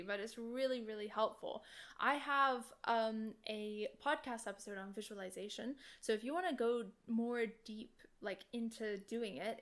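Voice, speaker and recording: A young adult woman and oboe student, hosting a casual advice podcast in a chatty, enthusiastic way. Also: fairly high pitch. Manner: chatty and enthusiastic, full of "like" and "literally".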